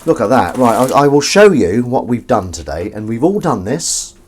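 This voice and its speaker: A man's voice: mid-range voice, very animated, moderate pace, slight background noise. A man chatting casually to a live-stream audience from his home kitchen while washing up, rambling and self-mocking.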